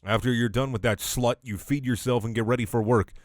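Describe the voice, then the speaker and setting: A young man reads fan fiction aloud for laughs and keeps breaking off into sarcastic, sweary rants. His voice sits at an ordinary middle pitch. The recording is dry and close, with no room around it. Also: fairly even intonation, fairly quick, dry recording. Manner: exasperated, sarcastic, sweary ranting. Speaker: online comedy reader. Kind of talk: comedic dramatic reading with rants.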